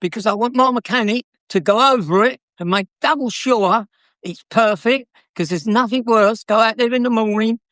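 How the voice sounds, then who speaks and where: Here a high-voiced older man with a South London accent recounts tales from his car-dealing past, cheeky and talkative, laughing frequently. His pace is moderate and his tone fairly bright. It's a dry, clean studio recording.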